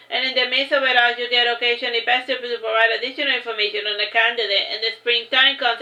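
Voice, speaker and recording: A woman reading a fantasy novel aloud in a steady, plain way, with small slips now and then. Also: on the high side. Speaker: narrator. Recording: roomy echo.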